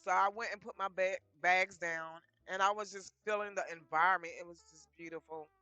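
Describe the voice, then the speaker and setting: Bright-voiced woman telling her story. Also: fairly low pitch, brisk, no echo, muffled recording. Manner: lively retelling full of quoted dialogue. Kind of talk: casual personal storytelling.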